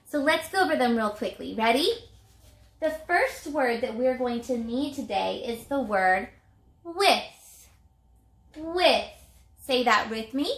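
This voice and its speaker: A woman teacher giving a reading lesson to young children, speaking clearly and sounding out words in a sing-song way. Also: on the high side, moderate pace, hardly any pauses, a bit bright, roomy sound.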